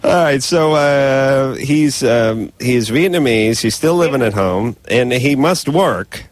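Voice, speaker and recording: A man's voice: mid-range voice, expressive, slow, no room sound. Blunt, teasing radio host, a man. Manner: blunt, teasing, crude jokes. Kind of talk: late-night call-in advice talk.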